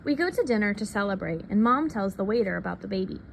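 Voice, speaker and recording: Woman reader, picture-book read-aloud, soft and unhurried, faint background hiss. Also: medium pitch, expressive, gravelly.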